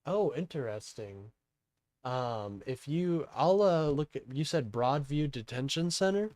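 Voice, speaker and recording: A man's voice: mid-range voice, lively intonation, measured pace, darkish tone, dry recording. A young man from Kansas hosting a casual political livestream, rambling with lots of fillers as he talks to his chat. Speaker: livestream host.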